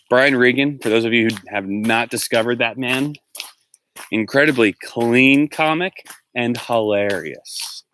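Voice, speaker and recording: Male vlogger, bright and forward, rambling chatter on a phone in the woods with faint noise behind. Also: lowish voice. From Pennsylvania. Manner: rambling, chatty, reads out viewer comments. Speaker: teacher and vlogger. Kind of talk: live-stream walking vlog. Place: outdoors, walking in the woods.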